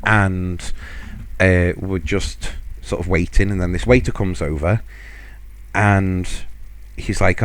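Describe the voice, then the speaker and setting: Man, podcast host, casual storytelling, low voice, laughs a lot. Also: steady tone, takes it slowly. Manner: chatty, laughs often, fillers like "blah, blah".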